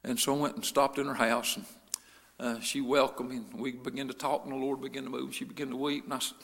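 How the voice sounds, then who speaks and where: A male pastor preaching a sermon, moving between quiet storytelling and loud, fervent preaching. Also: medium pitch, flat delivery, fast, creaky, in a large hall.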